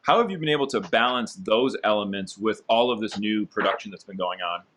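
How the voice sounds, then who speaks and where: A man's voice: fairly low pitch, a little fast, fairly bright tone. A man hosting an interview over a video call, upbeat and encouraging, with frequent fillers. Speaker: interviewer and host.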